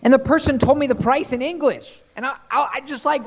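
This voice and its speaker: A young man in casual podcast chat, rambling and animated, swearing freely as he tells stories. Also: very high-pitched, moderate pace, muffled recording. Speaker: podcast co-host.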